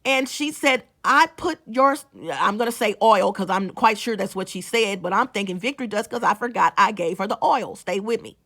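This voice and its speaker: A woman's voice: medium pitch, normal speed, few pauses, fairly bright tone. A woman, a small-business owner, telling a story to her viewers in a casual vlog. She is chatty, restarts her sentences and talks straight to the audience.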